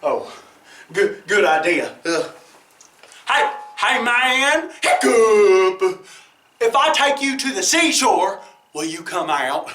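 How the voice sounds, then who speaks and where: A bright, jolly whale with hiccups, as a man puts him on, playful and exclamatory as his voice swoops up and down. He sounds like a storybook character, heard from a distance in a roomy, echoing space. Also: sits high, lively intonation, slow, a little hiss or hum, exaggerated voice. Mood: flustered. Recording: roomy echo from a distant mic.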